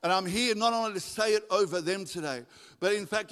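A man preaching a sermon in a church, animated and joking with the congregation. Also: high-pitched, brisk, clean tone. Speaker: guest preacher. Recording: echoey hall with long reverb.

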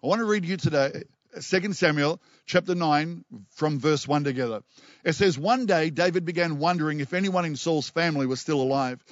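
A man preaching a passionate sermon as pastor, reading scripture aloud and stumbling over repeated words when excited. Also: a little high, dry recording, highs cut off.

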